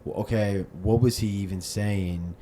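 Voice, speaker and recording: A man's voice: lowish voice, fairly even intonation, unhurried, dark tone. A man from South Jersey co-hosting a podcast, telling stories in a loose, profane, casual way. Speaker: podcast co-host. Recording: noticeable background noise.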